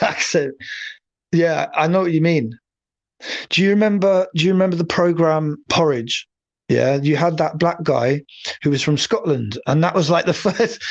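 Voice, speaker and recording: A man from England runs a loose, rambling livestream, swearing freely and addressing viewers by name. His voice sits a touch higher than most men's. He talks in a casual, meandering way. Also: dull audio. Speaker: livestream host. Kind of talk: casual live chat.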